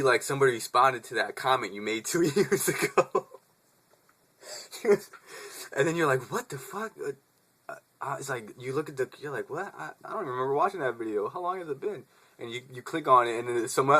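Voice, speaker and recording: A man's voice: fairly high pitch, bright, forceful tone. A young man vlogging in a casual, laid-back rant, swearing freely, laughing often and calling the listener dude.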